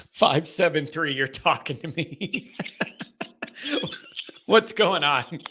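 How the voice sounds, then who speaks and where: A man hosting a live sports call-in show, talking in an animated and mocking way. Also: a little high, very slow, husky. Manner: animated and mocking, with sudden swings in delivery.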